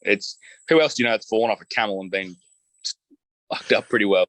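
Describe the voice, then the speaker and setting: A man's voice: on the low side, fairly quick, fairly bright tone, no echo. A man with an Australian accent, a podcast guest telling stories in a laid-back, joking way with lots of casual fillers. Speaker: podcast guest, truck driver. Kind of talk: casual storytelling chat.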